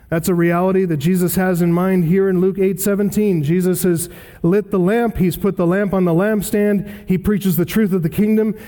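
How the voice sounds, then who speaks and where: A man preaching an expository sermon as pastor, emphatic and slowing down to stress scripture quotations. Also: sits high, dark tone.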